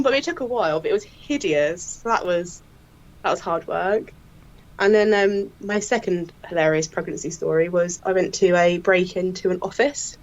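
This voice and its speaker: A woman, a crime scene investigator telling lively anecdotes and acting out what people said, often laughing. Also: lowish voice, highs cut off. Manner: lively, laughing storyteller who acts out quotes.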